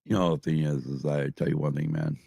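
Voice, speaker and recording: A man's voice: rumbling low, flat delivery, fairly quick, vocal fry, mellow, breathy edge, no room sound, clean studio sound. A middle-aged man hosting a podcast live stream, rambling and swearing constantly while drinking. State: drinking, tipsy. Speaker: podcast host. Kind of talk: casual live-stream chat.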